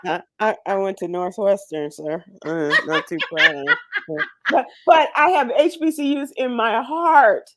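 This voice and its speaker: A woman's voice: on the high side, lively intonation, measured pace, very noisy. A woman hosting a radio show on location, chatting casually with a co-host, laughing often and full of fillers. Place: event venue.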